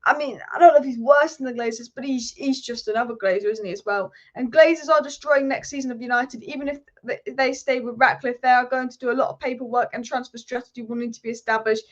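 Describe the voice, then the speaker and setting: A woman hosting a live football talk stream, talking passionately and fast in a ranting way. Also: fairly high pitch, dull audio. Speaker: football channel host.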